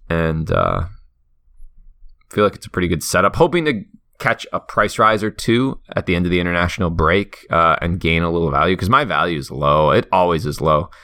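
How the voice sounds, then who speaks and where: A man's voice: deep voice, very animated, normal speed, sharp tone, clear, resonant tone, no echo. Podcast host, a man from the northern Midwest: dry, close sound, loose and chatty. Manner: rambling, thinks aloud with many fillers. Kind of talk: casual chat.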